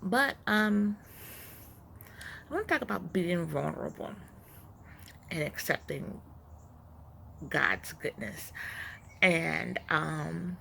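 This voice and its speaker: A woman in her forties talks slowly and haltingly on a front porch, her speech a little muffled by something in her mouth. Her voice is heavily gravelly and quite bright. Faint outdoor ambience sits behind her. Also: fairly low pitch, lively intonation, a little hiss or hum. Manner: soft, emotional, halting, with many pauses and fillers. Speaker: vlogger, stay-at-home mom. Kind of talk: heartfelt personal vlog talk.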